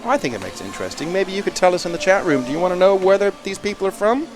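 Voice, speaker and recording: A man commenting live on a race in a chatty, self-deprecating way, with excitable bursts. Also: high voice, racing. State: a little out of breath.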